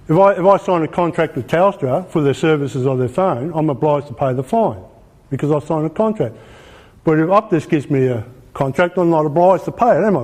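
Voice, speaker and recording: A man's voice: fairly high pitch, fairly quick, darkish tone. A man with an Australian accent giving an informal presentation, emphatic, repeating his points and asking rhetorical questions. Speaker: speaker.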